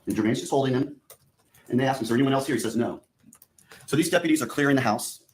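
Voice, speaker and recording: A prosecutor addresses a jury in a courtroom, a man of ordinary pitch laying out the evidence piece by piece. He keeps turning back to the jurors, telling them what they are going to see and hear, in a steady, methodical delivery. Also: fast. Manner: addresses the jury directly, repeating "you're gonna". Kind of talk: courtroom opening statement.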